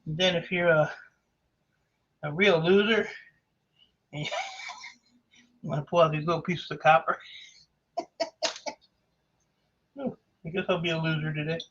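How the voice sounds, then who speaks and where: A man streaming himself taking apart e-waste, chatting in a rambling, offhand, self-mocking way, hoarse from talking for hours. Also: a little high, big pitch swings, measured pace, pauses often, a bit bright, dull audio. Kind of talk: casual livestream chat.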